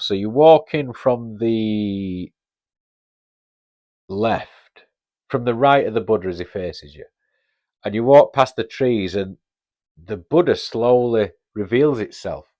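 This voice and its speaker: This podcast host, a man in his fifties from Northern England, has a mid-range, slightly mellow voice and a Northern English accent. He tells a casual story bluntly and conversationally, swearing freely.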